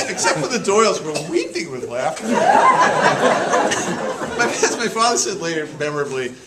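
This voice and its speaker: Lively man telling funny stories to a crowd. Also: high-pitched, unhurried. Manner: animated, laughs often, repeats words as he restarts. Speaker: author giving a public talk. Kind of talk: humorous storytelling to a live audience. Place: senior center hall with an audience. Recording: echoey hall, loud audience laughter and noise.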